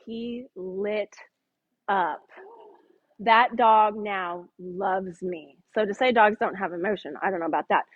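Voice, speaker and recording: A woman's voice: mid-range voice, takes it slowly, phone-quality sound. A middle-aged woman teaching a women's Bible study, chatty and joking with the group. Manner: chatty, jokes with the audience, acts out voices in quotes.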